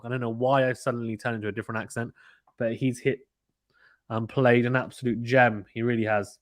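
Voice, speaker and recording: A man from the United Kingdom hosting a casual live cricket watchalong, reading viewer comments aloud and getting excited at big shots. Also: medium pitch, a little fast. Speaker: host reading live chat.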